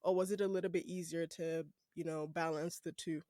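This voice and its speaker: A man from Nigeria hosting a casual interview podcast, playful and quick to laugh as he asks questions. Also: fairly high pitch, dry recording, clean studio sound. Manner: laughs often, animated and playful. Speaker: podcast host.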